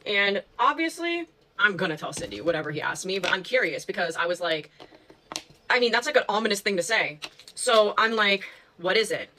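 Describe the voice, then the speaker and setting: A young woman rattles through a casual storytime at a quick clip, her voice bright and a little sharp. She talks in a loose, chatty way, packed with fillers and the odd swear word. A faint hiss of noise sits under the recording. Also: medium pitch, very animated, poor audio.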